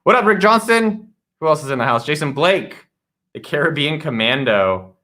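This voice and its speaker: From a home studio in a guest room, a man hosts a casual live office-hours stream, energetically greeting viewers by name and joking around. His voice is a little high, expressive and sharp, at a moderate pace.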